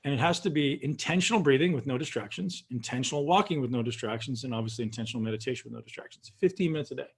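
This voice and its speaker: A man with a husky, slightly breathy voice talks calmly and steadily, giving step-by-step coaching. His pitch sits in an ordinary middle range for a man. He sounds like he is on a video call. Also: rapid-fire, hardly any pauses. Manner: calm, instructive, addresses listeners directly. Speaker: guest leading a breathing practice. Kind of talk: coaching instruction.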